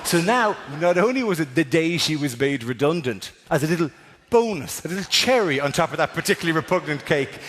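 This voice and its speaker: Irish stand-up comic in a big theatre. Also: male voice, fairly high pitch, fairly quick. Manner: animated storytelling, acting out quoted voices, swearing. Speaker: stand-up comedian. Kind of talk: stand-up comedy routine. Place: theatre stage before a live audience. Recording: live theatre recording, long hall reverb, faint crowd noise.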